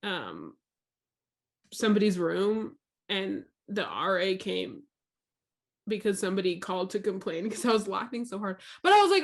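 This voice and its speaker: A young woman co-hosting a podcast in casual conversation. Her voice sits in a mid range. She tells stories in a chatty way and laughs loudly. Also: medium pitch, big pitch swings, moderate pace, vocal fry. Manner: chatty storyteller, loud laugh. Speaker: podcast co-host. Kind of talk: casual chat.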